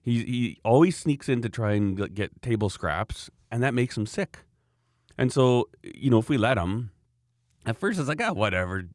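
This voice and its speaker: A man's voice: mid-range voice, animated, moderate pace, a little mellow, no echo, clean studio sound. A middle-aged man telling a rambling, wry story in casual chat.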